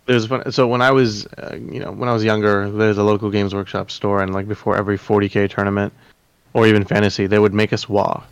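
Man, podcast guest, rambling, hesitant, lowish voice, dry close sound. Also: little pitch movement, fast, smooth, no room sound, muffled recording. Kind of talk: casual chat.

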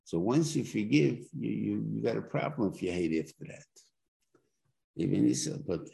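A man's voice: lowish voice, animated, moderate pace, gravelly, mellow, husky, rough recording. A man, a rabbi, giving a conversational weekly Torah class that is full of rhetorical questions and "right?" check-ins. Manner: explains by plain everyday examples.

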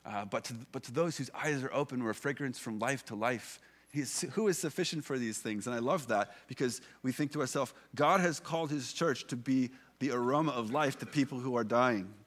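Man, thirties, pastor, conversational sermon, fillers and restarts, middle pitch. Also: fairly quick.

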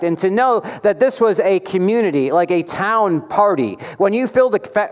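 Male pastor, higher-pitched, delivering a sermon with rhetorical questions; long church reverb. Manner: rhetorical questions, animated emphasis.

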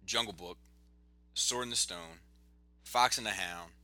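A man's voice: deep voice, measured pace, background noise. A man hosting a casual podcast chat, telling stories in a loose, swearing way. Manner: animated, swearing storyteller.

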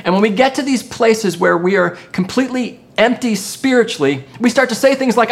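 A pastor preaching a sermon in an expressive way, moving between emphatic lines and hushed ones. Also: medium pitch, a little fast, hardly any pauses.

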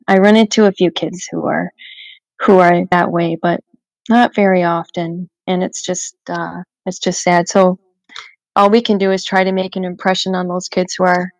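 A woman's voice: fairly low pitch, fairly even intonation, normal speed, gravelly, dry recording, rough recording. Woman telling homey stories, dry sound. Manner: warm storytelling with frequent restarts and "you know". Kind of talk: casual chat.

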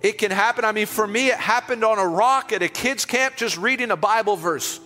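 A pastor, a man, preaches to his church in a high, bright voice that rings with force. He builds his points through passionate repetition and leans into quiet prayer. The sound carries a long hall echo with faint music underneath. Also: brisk. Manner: impassioned, repetitive preaching that drops to a hushed prayerful close. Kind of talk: sermon. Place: church sanctuary.

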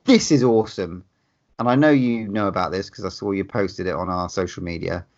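Sweary, excited man, low voice. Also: brisk, lo-fi sound. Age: about 40. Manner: swears freely, laughs often, enthusiastic. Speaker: podcast co-host. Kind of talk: casual chat about horror films and news.

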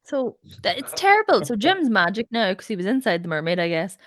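A woman's voice: mid-range voice, sing-song, a little fast, a bit bright. A woman co-hosting a podcast, retelling a folk tale in a chatty, gossipy way. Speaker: podcast co-host. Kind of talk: comic storytelling chat.

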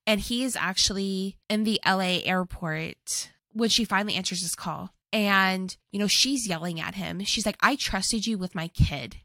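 A woman co-hosts a casual chat and walks through a movie plot with animated retelling. She voices the characters' lines as she goes. Her voice is bright and sharp, recorded close and dry. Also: mid-range voice, moderate pace, few pauses, no room sound. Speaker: podcast co-host.

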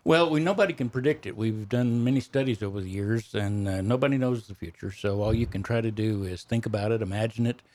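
An older man from the Texas Panhandle with a Texas accent, answering in a relaxed, folksy interview style. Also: on the low side, fast talker, few pauses, dry recording. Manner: folksy, self-deprecating storyteller. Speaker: guest, economist and speaker.

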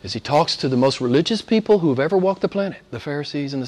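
A man preaching a sermon. He asks the audience rhetorical questions, repeats phrases for emphasis, and swings between loud emphatic peaks and hushed, near-whispered asides. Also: fairly high pitch, lively intonation, rapid-fire.

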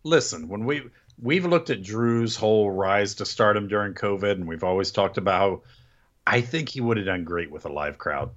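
Low-voiced co-host on a dull lo-fi recording. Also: male voice, moderate pace. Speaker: podcast co-host. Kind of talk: casual chat. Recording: dull lo-fi sound.

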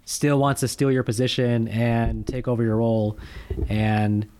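A man with a clear, resonant mid-range voice talks unhurriedly as co-host of a casual film review podcast. He's lively and full of jokes, ranting with mounting emphasis.

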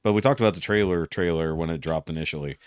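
A man with a very low voice hosts a casual podcast, rambling through the wrap-up with fillers and restarts. The sound is dry and close to the mic. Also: fast talker, smooth, dry recording. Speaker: podcast host.

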